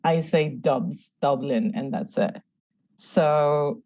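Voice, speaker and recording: A woman's voice: low voice, takes it slowly. A woman with a light French accent, speaking English as a guest in a casual conversation, telling stories and laughing often. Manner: laughing, lively storyteller. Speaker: guest researcher.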